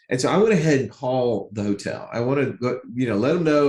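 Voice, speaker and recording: Animated man telling a story, roomy sound. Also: mid-range voice, fast, hardly any pauses. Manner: animated, repeats himself, acts out quotes. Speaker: podcast co-host. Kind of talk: casual storytelling chat.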